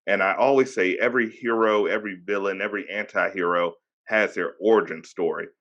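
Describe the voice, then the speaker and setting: A man's voice: deep voice, fairly even intonation, fairly quick, fairly bright tone, dull audio. A man in his thirties with a Hampton Roads Virginia accent, hosting a casual podcast interview and hyping up his guest in a loose, chatty way. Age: 30s. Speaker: podcast host.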